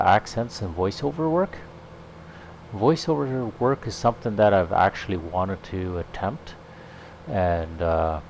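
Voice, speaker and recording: A man hosting his gaming channel, chatting in a relaxed, rambling way over his farming gameplay, thinking out loud as he goes. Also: deep voice, a little hiss or hum. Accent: slips into a put-on Irish lilt. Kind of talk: casual gameplay commentary.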